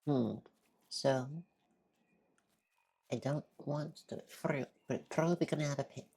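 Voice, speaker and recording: A woman's voice: extremely low pitch, slow pace, dark tone, husky. A woman streamer chatting casually through a game, talking while she eats. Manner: chatty, talks while eating. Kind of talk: casual let's-play chat.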